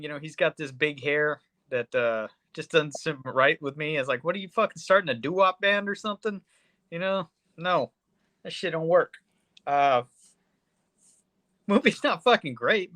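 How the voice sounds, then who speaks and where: A man co-hosting a podcast, reviewing a movie in a casual, excitable, profane way with lots of fillers. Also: a little high, dry recording. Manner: excitable, swears a lot, trails off with fillers. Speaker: podcast co-host.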